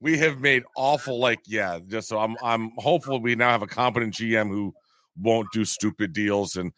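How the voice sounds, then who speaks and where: A man's voice: lowish voice, normal speed, a bit bright. A man in his forties chatting casually on a video call, rambling and self-deprecating, often repeating himself. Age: 40s. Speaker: guest. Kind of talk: casual chat.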